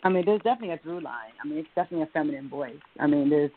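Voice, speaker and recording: A woman's voice: deep voice, lively intonation, rapid-fire, slight background noise. Woman, poet, spoken-word reading and casual interview, rhythmic insistent delivery, chatty with fillers, tinny phone-quality line.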